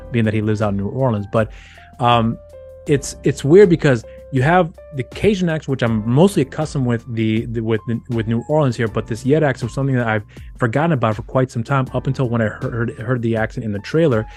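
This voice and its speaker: A man's voice: medium pitch, brisk, a little mellow, faint music behind. A man hosting his own channel, giving a casual, rambling film review with many restarts and fillers. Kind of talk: casual movie review monologue.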